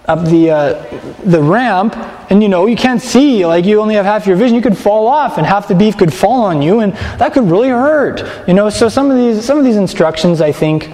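A man's voice: high voice, a little mellow, big-room sound. A man teaching a sermon in a conversational way, often stopping and restarting his phrases. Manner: conversational, halting with repeated restarts.

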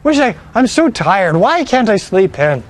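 A man's voice: high voice, very animated, unhurried. A man putting on the voice of a tired, reluctant young man who complains about having to go to synagogue. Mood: whiny. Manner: whiny, sluggish complaining.

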